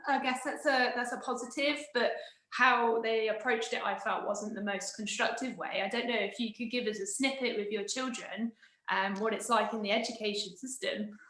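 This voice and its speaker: A woman's voice: fairly high pitch, fairly even intonation, moderate pace, fairly bright tone. A woman in her thirties, co-hosting a casual interview and asking enthusiastic questions. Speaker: co-host. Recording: roomy echo.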